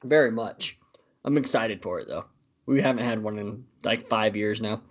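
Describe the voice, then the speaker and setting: A man's voice: fairly low pitch, normal speed, dull audio. A young man co-hosting a casual sports podcast, easygoing and teasing as he runs through news items. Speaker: podcast co-host.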